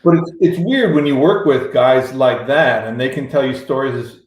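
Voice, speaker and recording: Animated male storyteller in echoey room. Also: medium pitch, moderate pace, a little hiss or hum. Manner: animated anecdote teller with restarts, acting out others' lines. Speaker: musician guest. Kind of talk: casual storytelling on a radio show.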